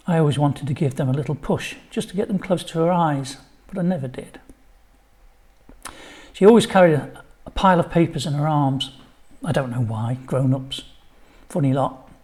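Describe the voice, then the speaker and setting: A man's voice: on the high side, darkish tone. An older man reading his own children's story, chatty, with asides to the listener.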